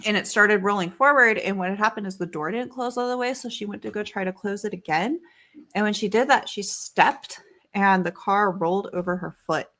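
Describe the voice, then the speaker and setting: A woman's voice: medium pitch, fairly quick, a bit bright. A woman in her thirties, a podcast co-host, telling a story in casual chat. She rambles with many fillers and swears freely.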